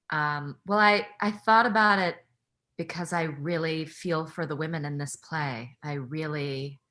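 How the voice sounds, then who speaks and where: A woman's voice: deep voice, bright, forceful tone. A woman in a seminar discussion over a video call, talking frankly and earnestly with lots of casual fillers. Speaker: actor in a play-reading seminar.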